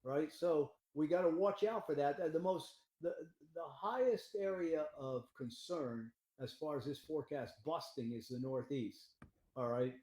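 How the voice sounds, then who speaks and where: Excitable older man, mellow echoey voice. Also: on the high side, unhurried. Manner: rambling, excitable, laughs at own jokes. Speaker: meteorologist guest. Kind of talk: casual forecast discussion.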